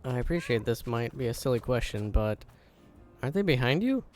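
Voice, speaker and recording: A man's voice: medium pitch, very animated, fairly quick, soft background music, lightly acted. A man voicing a wry, polite little cat. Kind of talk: reading game dialogue aloud.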